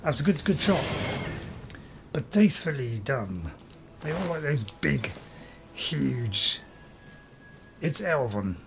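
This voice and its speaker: A man's voice: medium pitch, sing-song, slow pace, vocal fry, pauses often, soft background music. A man commentating casually on his own game playthrough, joking and teasing himself as he goes. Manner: chatty, joking, self-mocking, tries silly voices. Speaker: gameplay commentator. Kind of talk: casual let's play commentary.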